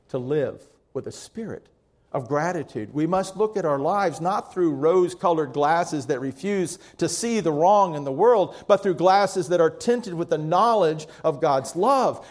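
A man preaching a sermon with an earnest, conversational warmth, turning often to speak straight to the congregation. His voice sits a little on the high side. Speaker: pastor.

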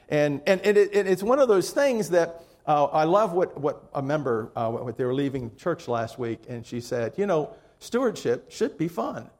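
High-voiced, chatty pastor. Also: male voice, a little mellow. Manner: chatty, rambling, with many restarts. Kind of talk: sermon with a joke.

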